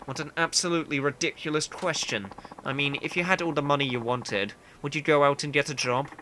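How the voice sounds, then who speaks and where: A man's voice: on the high side, steady tone, fairly quick, pushed and bright, slight background noise. A man playing a whiny snobbish young aristocrat. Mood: haughty. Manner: haughty, condescending, complaining. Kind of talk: reading game dialogue aloud.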